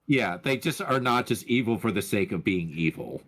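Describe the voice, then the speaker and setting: A man co-hosting a casual podcast chat, chiming in with quick jokes and interjections. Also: fairly low pitch, animated, a bit bright. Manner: quick interjections, joking asides. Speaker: podcast co-host.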